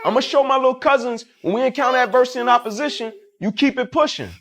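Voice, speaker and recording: Young man, very high voice, subdued level; determined, repetitive motivational talk. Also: fast, creaky, fairly bright tone. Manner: determined, repeating his points. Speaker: student.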